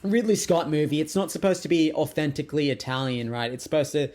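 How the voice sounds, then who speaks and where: A man's voice: a little high, fast talker. A man co-hosting a movie podcast, chatting casually and bluntly, swearing freely as he reviews a film. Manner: blunt, swears freely, animated when mocking. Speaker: podcast co-host.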